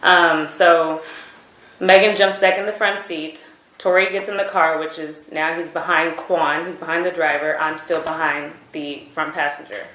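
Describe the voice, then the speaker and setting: Hesitant woman witness, slightly low voice, echoey room recording. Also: fairly even intonation, moderate pace, a bit bright. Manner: hesitant, many fillers, retelling events. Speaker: witness giving a statement. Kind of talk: recorded statement to prosecutors.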